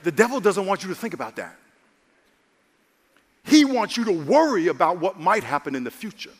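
A man preaching a sermon as a pastor, animated and calling for amens, his voice rising to excited shouts. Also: high-pitched, moderate pace. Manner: calls for amens from the congregation. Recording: long hall reverb.

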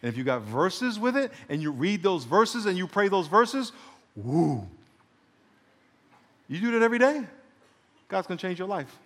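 A man's voice: high voice, sing-song, moderate pace, long pauses. Man preaching in a reverberant hall. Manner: preaching with call-and-response, then softly guiding prayer. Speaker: pastor. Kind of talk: sermon.

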